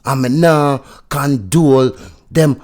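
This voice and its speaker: Jamaican male news commentator, conversational patois-flavored delivery, mid-pitched voice. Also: steady tone, slow, darkish tone. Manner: chatty, mixes patois with standard English.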